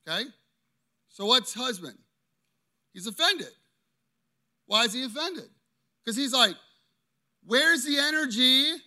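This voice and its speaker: A man preaching an interactive sermon, animated and constantly checking in with his listeners. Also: extremely high pitch, unhurried, long pauses. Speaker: pastor.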